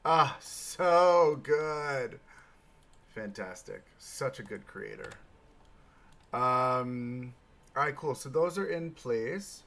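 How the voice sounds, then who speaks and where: Male livestream host, gravelly bright voice, unhurried chatty commentary while building. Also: mid-range voice. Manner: thinks aloud, chatty, bursts of excitement. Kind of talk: casual live gameplay commentary.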